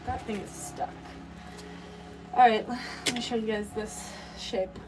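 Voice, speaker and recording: Music plays as a young woman talks to live-stream viewers from her pottery studio, her high-leaning voice keeping a fairly even intonation. She rambles chattily while working and laughs easily. The mic sits at a distance and catches background noise.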